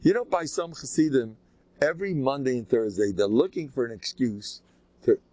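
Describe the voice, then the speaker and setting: An older man, a rabbi, giving an informal, animated Torah lecture with a conversational, joking delivery. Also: moderate pace, no echo. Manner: animated and conversational, swinging pitch, jokes with listeners. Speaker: rabbi teaching a class.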